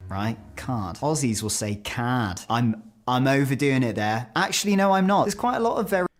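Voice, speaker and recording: A man's voice: mid-range voice, animated, brisk. A British man from the UK presenting a chatty, self-mocking video about how words are pronounced. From United Kingdom. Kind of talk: scripted video commentary on word pronunciations.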